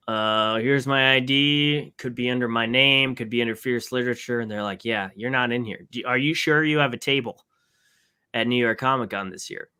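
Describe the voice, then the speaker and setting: A man on a podcast casually telling an animated story, acting out both sides of a conversation. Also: mid-range voice, clean tone. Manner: animated anecdote with quoted exchanges. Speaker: podcast co-host.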